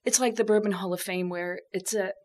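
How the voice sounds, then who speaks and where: A woman speaks as a guest on a talk show, with a lively, chatty manner and an easy storytelling flow. Her pitch sits in an ordinary middle range for a woman. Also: fairly quick. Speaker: guest, bourbon expert. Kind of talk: casual radio chat.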